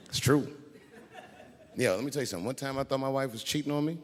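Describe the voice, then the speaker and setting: A man doing stand-up comedy on stage at a large live venue, telling stories in a laid-back way with sudden loud outbursts. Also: medium pitch, fast, pauses often. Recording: echoey arena with crowd noise.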